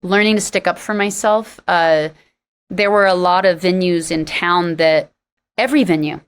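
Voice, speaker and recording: A middle-aged woman, a singer being interviewed on a podcast, telling stories frankly and emphatically, acting out old conversations with sudden leaps in pitch. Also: measured pace, clean tone. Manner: animated, acts out quoted exchanges with sharp jumps in pitch.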